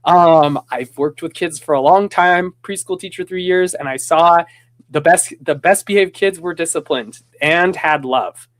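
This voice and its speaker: A man's voice: on the high side, measured pace. A man hosting a casual conversation who tells stories with animation, rambles with restarts, and acts out the voices he quotes. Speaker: podcast host.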